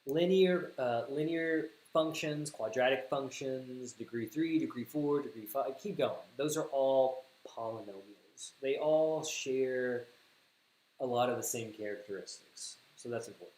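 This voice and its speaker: A man's voice: mid-range voice, measured pace, a little mellow. A man with a Southern US accent teaching algebra on a livestream, thinking aloud, correcting himself and repeating words for emphasis. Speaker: math teacher. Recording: echoey room with faint hiss.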